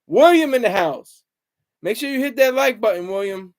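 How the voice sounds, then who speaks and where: A man's voice: very high-pitched, expressive, normal speed. A man hosting a casual livestream, reading viewer comments aloud and rambling with chuckles and restarts. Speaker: livestream host.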